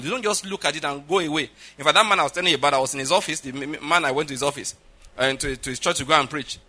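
Preaching emphatically, this middle-aged pastor has a fairly high, bright voice with real force behind it. Again and again he asks his congregation "all right?" and "do you understand?"

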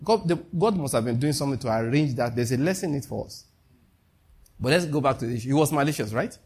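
A man's voice: mid-range voice, lively intonation, quick pace, a little mellow, slightly rough. A man preaching a sermon, firing rhetorical questions at his listeners and laughing at his own jokes.

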